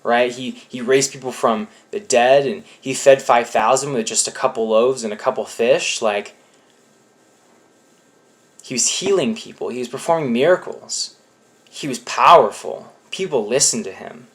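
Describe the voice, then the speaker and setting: A man's voice: mid-range voice, normal speed. Casual young man preaching. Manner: conversational, acts out quotes with playful voices. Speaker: youth pastor. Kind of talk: casual youth sermon.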